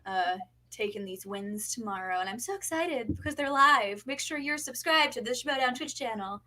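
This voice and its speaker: A bubbly young woman chatting on a podcast panel, her voice bright and forward. She talks in quick bursts, full of fillers and enthusiasm. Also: fairly high pitch, expressive. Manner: bubbly, fast, lots of fillers. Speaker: podcast co-host. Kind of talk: casual chat.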